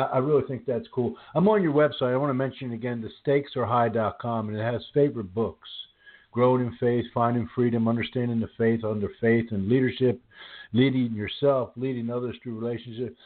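A man's voice: medium pitch, steady tone, moderate pace. A man in his sixties hosting a faith conversation, talking casually and often repeating words as he goes. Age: 60s. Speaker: host. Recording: phone-like audio.

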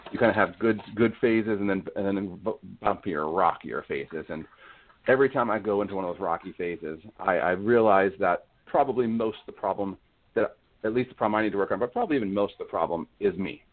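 A man's voice: deep voice, brisk. A man talking earnestly about faith and family as a guest on a conversation podcast. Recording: phone-like audio.

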